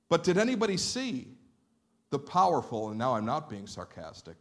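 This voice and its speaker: A male pastor delivers a sermon in a mid-height voice that swings widely in pitch. He reads scripture with dramatic lift and force, then drops into easy, conversational asides. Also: huge pitch swings, normal speed. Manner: dramatic scripture reading, rising loud on quoted lines; conversational asides between readings.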